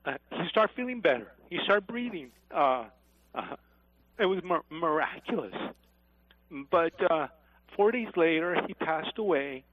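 A man calling in to a radio talk show, speaking haltingly with many fillers. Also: a little high, lively intonation, no room sound, narrow, tinny audio. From Texas. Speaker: caller. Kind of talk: call-in radio caller.

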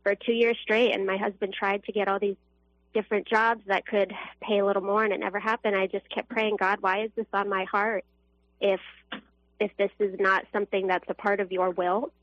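A woman's voice: medium pitch, little pitch movement, a little fast, no echo. A young woman calling in to a radio show, telling a personal faith story earnestly, with fillers and restarts. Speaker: caller. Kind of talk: emotional personal testimony. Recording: dull phone line, dry.

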